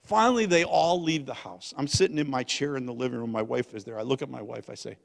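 An older man, a guest pastor, telling a family story in a sermon, swinging from loud to hushed. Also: mid-range voice, fast talker, vocal fry, few pauses. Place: church sanctuary. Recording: long church hall reverb.

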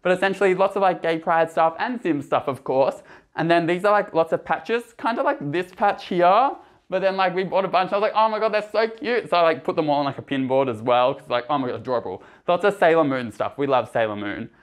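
A man's voice: on the high side, expressive, brisk. Bubbly young man giving a home tour. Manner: chatty and bubbly, lots of fillers. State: a bit out of breath. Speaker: YouTuber giving an apartment tour. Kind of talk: casual vlog chat. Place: small apartment indoors. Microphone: handheld camera.

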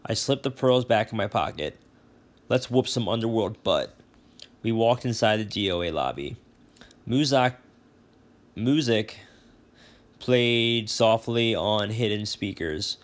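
A male teacher reading a novel chapter aloud, relaxed, with brief asides and self-corrections. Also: fairly low pitch, unhurried.

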